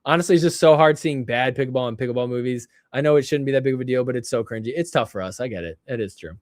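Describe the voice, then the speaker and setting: A young man hosting a live stream, joking and excitable as he reacts to clips and laughs often. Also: medium pitch, very fast, no room sound, studio quality. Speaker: livestream show host. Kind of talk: casual live-stream commentary.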